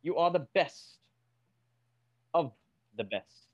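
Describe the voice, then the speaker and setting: A man's voice: a little high, expressive, slow pace, no echo, dull audio. Man doing a formal military captain, commanding, stiffly polite, dry close sound. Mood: briefing.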